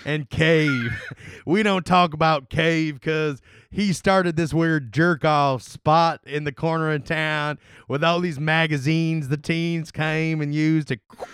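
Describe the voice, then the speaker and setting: A man's voice: a little high, fairly even intonation, takes it slowly, a bit bright, clear, resonant tone, dry recording, voice pushed up. A man voicing a rambling Southern farm boy with a Southern US accent. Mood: hammy folksy.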